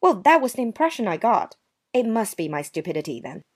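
Her voice is medium-pitched, a little mellow and sing-song, and slightly fast. The woman is reading a dramatized short story, voicing an offended young woman, touchy and prim, who answers with sarcastic, wounded politeness.

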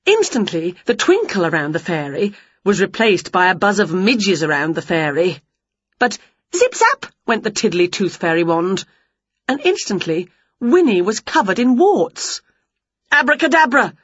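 A woman reading a children's picture book aloud, expressive and playful, acting out the sounds. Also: fairly low pitch, measured pace, breathy edge, dry recording, muffled recording. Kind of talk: storybook read-aloud.

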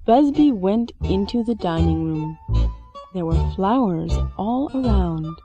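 A woman, an English teacher reading a storybook aloud with expressive sound words. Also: medium pitch, takes it slowly. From China. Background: soft music.

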